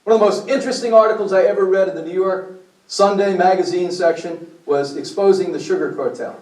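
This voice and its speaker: At a health meeting, a man gives an impassioned, blunt and preachy lecture, firing questions at the audience. His voice sits high and is brisk, steady and somewhat dark in tone. He is recorded from far off in an echoey room.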